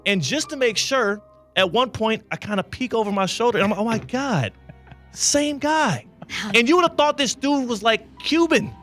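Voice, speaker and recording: A man hosting a talk radio show, telling a long story with lively, animated delivery. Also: very high-pitched, fairly quick, faint music behind. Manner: lively anecdotal telling with bursts of laughter. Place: radio studio.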